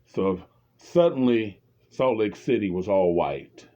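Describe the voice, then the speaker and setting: A man's voice: lowish voice, animated, a little slow, mellow, dull audio. A man commenting on reality TV in a casual, rambling, opinionated way, often restarting his sentences.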